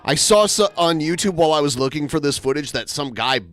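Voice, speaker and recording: A man's voice: fairly high pitch, expressive, brisk, a bit bright, dry recording. A man hosting a podcast, telling a story in a rambling, conversational way. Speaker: host. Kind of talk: casual podcast chat.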